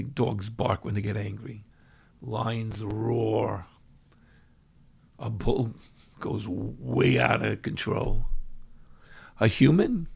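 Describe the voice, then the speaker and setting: A man from Brooklyn, a rabbi giving an expressive Torah lesson that breaks into loud mock shouting. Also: mid-range voice, vocal fry, slightly rough. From Brooklyn, New York. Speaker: rabbi teaching a weekly class.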